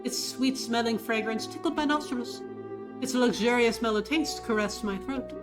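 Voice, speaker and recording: A woman's voice: a little high, normal speed, natural voice. A woman voicing a flamboyant, vain young man who tells his story with grand theatrical flourishes, reading game dialogue over game music. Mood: grandiose.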